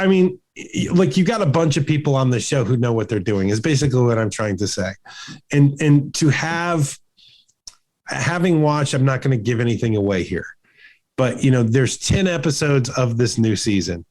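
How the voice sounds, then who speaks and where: A man's voice: medium pitch, lively intonation, moderate pace, a little mellow. A man co-hosting a casual movie podcast, talking in long rambling runs full of restarts and fillers. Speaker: podcast co-host. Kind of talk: casual chat.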